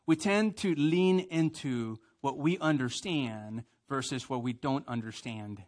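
A man preaching a sermon who leads his congregation in call and response and swings from quiet emphasis to loud prayers. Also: medium pitch, unhurried. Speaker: pastor.

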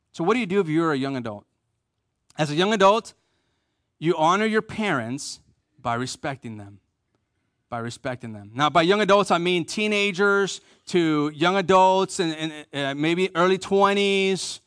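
A man's voice: on the high side, a bit bright, no echo, clean studio sound. A man preaching a sermon, stressing key phrases by repeating them and asking the congregation to answer back. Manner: emphatic, repeats key phrases, leads the congregation in call and response. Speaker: pastor.

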